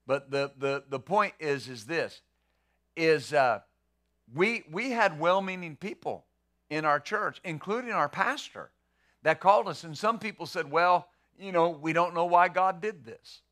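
Middle-aged male pastor, bright and forceful, a bit high, talks his sermon like a chat and repeats words. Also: animated, measured pace. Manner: conversational preaching with rhetorical questions.

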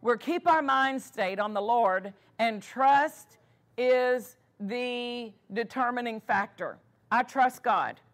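Woman pastor, sermon, earnest, fairly high voice, stops and restarts. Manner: earnest preaching with frequent restarts.

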